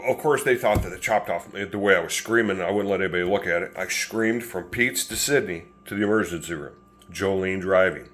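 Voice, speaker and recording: A man in his fifties with a lowish voice spins a casual story to camera. He rambles in a folksy way, restarting sentences and chuckling as he goes. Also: fairly bright tone. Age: 50s.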